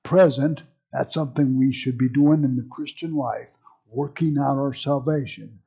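A man's voice: medium pitch, fairly even intonation, moderate pace, creaky, warm tone, husky, highs cut off. A man preaching a sermon as pastor, teaching in a conversational way with frequent asides and explanations.

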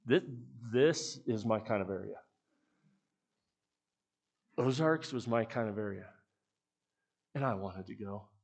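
A man who leads a youth ministry delivers an earnest, conversational sermon with restarts to the people who support it. His voice is on the low side and creaky, with a slow pace and long pauses.

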